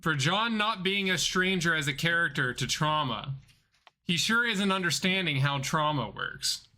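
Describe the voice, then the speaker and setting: A game master from southern North Carolina describes the scene for the players. The voice is bright and forward. The delivery halts often, with restarts and fillers. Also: mid-range voice, expressive. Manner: halting, many restarts and fillers while describing. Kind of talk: narrating a tabletop game.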